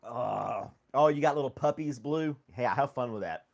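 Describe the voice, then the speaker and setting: A gravelly, mid-range male voice at normal speed belongs to a podcast host casually live-streaming a coffee show. He sits in his home studio with foam on the walls, chatting, laughing often, reading the chat and talking to his dog.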